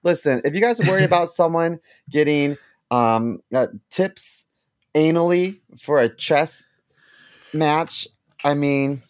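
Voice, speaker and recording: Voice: medium pitch, expressive, slow pace, smooth. A podcast co-host talking casually in a blunt, crude, mocking way.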